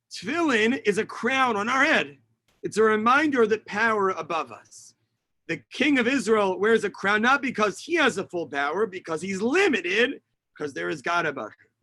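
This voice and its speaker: Through a video call mic at his home setup, a rabbi leads an online lesson on the Tisha B'Av kinot, translating and explaining each Hebrew line he reads amid many fillers. His voice is high, pushed and bright, with no echo.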